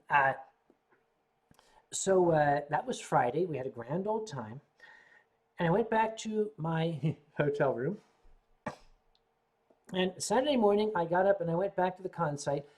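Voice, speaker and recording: An older man from the United States hosting a casual livestream, rambling, reading viewer comments, often clearing his throat between sips. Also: fairly high pitch, animated, measured pace, pauses often. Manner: sipping drinks while chatting. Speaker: livestream host.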